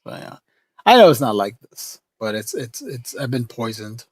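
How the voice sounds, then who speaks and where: Hosting a relaxed livestream, a man with a mid-range voice talks at normal speed and sounds very animated. He rambles, often restarting his sentences and leaning on fillers.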